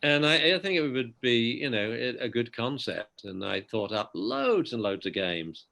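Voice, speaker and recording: A man's voice: medium pitch, big pitch swings, unhurried, vocal fry, sharp tone. A man, a dog trainer guest on a video call, telling anecdotes casually and often adding "you know".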